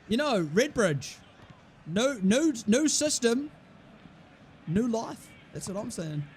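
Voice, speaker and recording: A young man with a fairly high voice talks through a football video game. He is blunt and mocking and swears freely. A faint background hiss sits under his voice. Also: a little mellow. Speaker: gaming streamer. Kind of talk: casual football game commentary.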